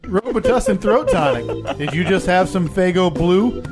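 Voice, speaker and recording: A man's voice: big pitch swings, moderate pace, music in the background. A man voicing a hard-selling male TV commercial announcer in a mock ad. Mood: salesy. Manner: hard-selling pitchman delivery. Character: booming male TV ad announcer, salesy.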